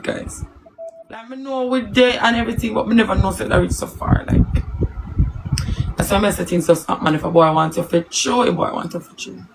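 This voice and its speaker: A woman's voice: medium pitch, gravelly, background noise. A woman with a Jamaican accent chatting casually on a live stream, answering viewers and telling stories in patois.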